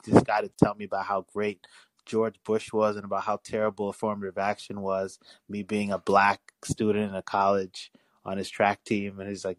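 A young man calling in to a podcast, talking casually in a rambling way, with frequent restarts and animated storytelling. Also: fairly low pitch, normal speed, dry recording, rough recording. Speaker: caller. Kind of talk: casual call-in chat.

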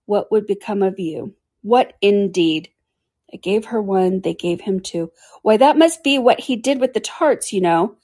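A woman voicing a fussy, muddled old king who mutters and gets excited while judging a trial in a storybook. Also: medium pitch, unhurried, close to an everyday voice.

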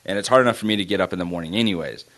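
Brief: young male podcast co-host, low voice, animated storyteller who swears freely. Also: racing. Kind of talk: casual chat.

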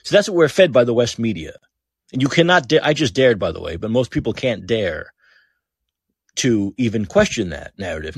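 A man's voice: medium pitch, sing-song, moderate pace, breathy edge, no room sound, studio quality. A man hosting a podcast, delivering blunt, heated political commentary, swearing freely and repeating phrases for emphasis. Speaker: podcast host.

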